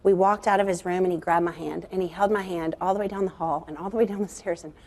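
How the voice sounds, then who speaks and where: A woman's voice: on the low side, steady tone, quick pace, darkish tone. A woman, a guest author, talking candidly about faith and family in an earnest, confiding way with frequent fillers.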